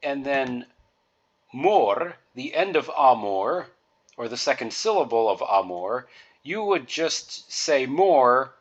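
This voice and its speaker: A man slowly talking through a pronunciation guide, giving patient explanations with everyday example words. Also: mid-range voice. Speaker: music teacher. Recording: dull lo-fi recording.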